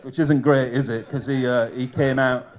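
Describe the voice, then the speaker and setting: A man's voice: medium pitch, fairly even intonation, moderate pace. A male comedian doing a chatty, self-mocking stand-up set on a comedy club stage, into a handheld mic.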